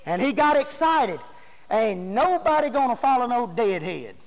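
Casting: high-voiced male preacher, shouting revival style, long reverberant hall. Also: big pitch swings, normal speed. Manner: shouting, Southern preacher cadence. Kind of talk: fiery revival sermon.

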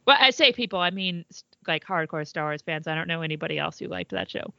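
A woman's voice: sits low, lively intonation, quick pace, creaky, pushed and bright, dry recording, muffled recording. A woman co-hosting a podcast in casual chat, swearing freely and trailing off mid-thought. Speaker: podcast co-host.

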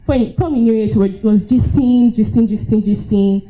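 A young Nigerian woman with a fairly high voice tells a personal story, lively and quick to laugh, acting out her own lines. The sound is dull and lo-fi. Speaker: storyteller at a live event. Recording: dull lo-fi live recording.

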